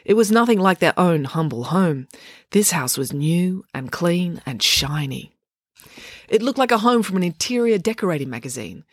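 A woman narrating an audiobook story with expressive storytelling. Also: lowish voice, moderate pace, no echo, studio quality.

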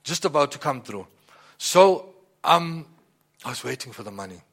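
A man giving a personal testimony in a rambling, halting way, often repeating "you know" and "like that.". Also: mid-range voice, lively intonation, a bit bright. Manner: halting, many restarts and fillers. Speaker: church member giving testimony.

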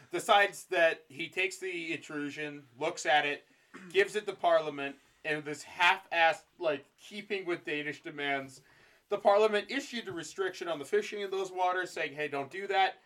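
A man co-hosting a loose history podcast. His voice sits a little high. He talks casually and jokes crudely along the way. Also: unhurried, bright, forceful tone. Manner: joking, profane, slips into silly put-on voices. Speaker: podcast co-host.

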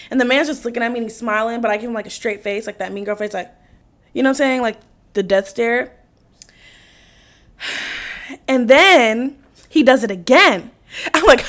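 A woman hosting a podcast, swearing freely as she tells a story and acting out every quote. She talks in a brash, animated way. Her voice sits fairly high. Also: moderate pace, long pauses. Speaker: podcast host. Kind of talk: casual storytelling chat.

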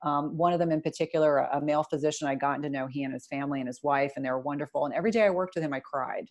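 A middle-aged woman speaks with a notably low pitch as an interview guest. She tells her story candidly and with animation, often restarting her sentences and adding asides. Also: racing, a little mellow. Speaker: guest, nurse practitioner turned entrepreneur.

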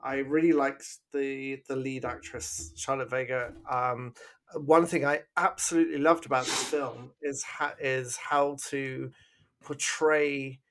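A man's voice: medium pitch, fairly even intonation, a little slow, a bit bright. A man co-hosting a casual film review podcast, upbeat and teasing, laughing easily. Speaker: podcast co-host.

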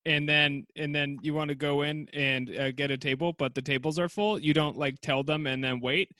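A young man co-hosting a casual podcast chat, jokey and quick to laugh. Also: a little high, fairly even intonation, bright, forceful tone, no room sound, clean studio sound. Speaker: podcast co-host.

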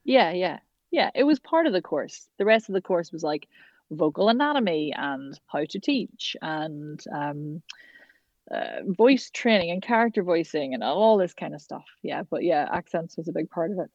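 A woman's voice: on the low side, animated, darkish tone, no room sound, lo-fi sound. An Irish woman working as a voice and accent coach, chatting enthusiastically in an interview. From Ireland. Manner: chatty, enthusiastic, quick asides. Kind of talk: casual interview chat.

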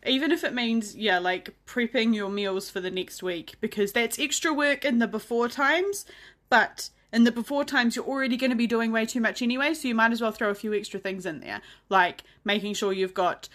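Laughing, high-voiced woman podcast co-host. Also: fairly quick. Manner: lively storytelling with frequent laughter and swearing. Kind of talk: casual chat.

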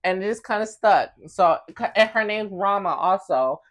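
A young woman hosting a casual podcast chat, brash and profane, flaring into loud bursts. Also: medium pitch, lively intonation, moderate pace. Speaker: podcast host.

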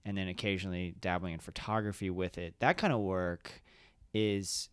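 A man's voice: low voice, fairly even intonation, moderate pace, a bit bright, smooth, no echo, clean studio sound. A man hosting a podcast, chatting reflectively in a casual interview, with many restarts. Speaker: podcast host. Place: room at a music festival.

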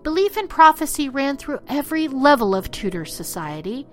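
Higher-voiced woman narrating a history podcast. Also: big pitch swings, normal speed, faint music behind. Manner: reads dramatically, then drops into joking asides. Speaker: podcast host.

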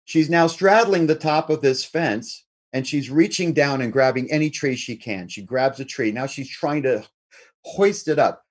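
Middle-aged male storyteller, animated, mid-range voice. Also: medium pitch, normal speed, slightly rough. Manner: animated, acts out family members' voices. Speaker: guest storyteller. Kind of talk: telling a personal story.

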